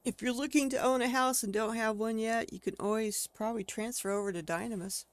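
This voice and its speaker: A woman's voice: a little high, fairly even intonation, brisk. A woman streaming a video game, talking casually as she plays, thinking aloud and exclaiming at what she finds. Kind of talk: casual gameplay commentary.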